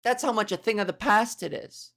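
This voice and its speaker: A crude, animated woman comedian riffs through a podcast monologue. She swears freely and keeps jumping into little acted-out scenes. Her pitch sits in the ordinary middle for a woman. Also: a little fast, gravelly. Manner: animated, crude, acts out voices. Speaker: podcast host.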